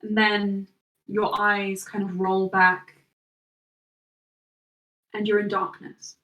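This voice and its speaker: A woman narrating a tabletop role-playing game as game master, in slow, measured second-person description. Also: mid-range voice, flat delivery, pushed and bright, roomy sound, far from the mic, low-quality recording.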